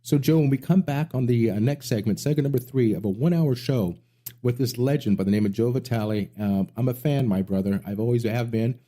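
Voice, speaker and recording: A man's voice: medium pitch, a little fast, warm tone. A middle-aged man hosting a music radio show, telling rambling stories with enthusiasm. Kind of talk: casual interview chat.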